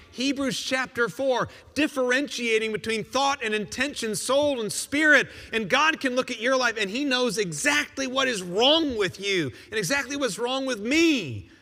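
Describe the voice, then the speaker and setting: A male pastor preaching a sermon in a conversational, emphatic way, with quick rebuttals. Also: very high voice, sharp tone, big-room sound.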